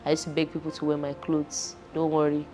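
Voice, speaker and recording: Young woman, Nigerian accent, low voice, animated, mixes in Pidgin, faint background music. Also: fairly quick. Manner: animated, switches into Pidgin, emotional. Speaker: guest, fashion entrepreneur. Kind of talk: casual chat.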